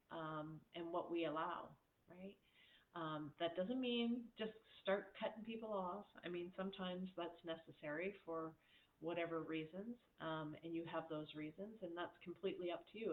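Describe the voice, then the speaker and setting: A woman's voice: lowish voice, slight background noise. A woman life coach giving a casual motivational talk, speaking candidly, laughing often and mimicking voices when she quotes people. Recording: echoey room over a tinny phone-like line.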